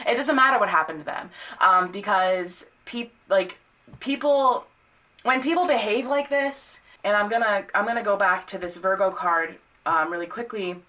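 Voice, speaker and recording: A young woman talks through a tarot reading in a loose, conversational way, full of ums and restarts. Her voice is bright and clear, and she gets blunt and sweary when something bothers her. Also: mid-range voice, normal speed. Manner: chatty, many fillers, blunt and swearing when annoyed. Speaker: tarot reader. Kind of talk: casual tarot reading to camera.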